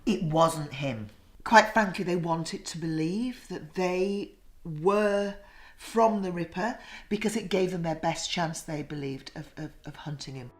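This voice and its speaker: A woman's voice: on the low side, measured pace. An older woman recalls past events in a documentary interview, telling it with emphatic feeling. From Yorkshire. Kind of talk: recollection in an interview.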